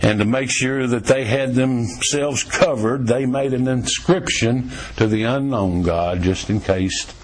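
A man preaching a sermon in a folksy, storytelling way, swinging between emphatic raised lines and low, quiet ones. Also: a little slow, hardly any pauses.

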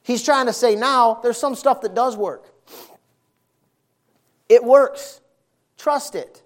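High-voiced man preaching a folksy sermon. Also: slow. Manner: animated, folksy storytelling with emphatic repetition.

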